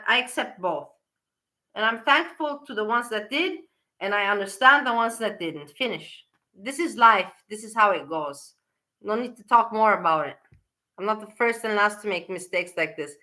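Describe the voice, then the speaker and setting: A woman's voice: mid-range voice, sharp tone. A woman commenting on a stream she is watching, talking in an exasperated, scolding way and swearing often. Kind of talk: casual reaction commentary.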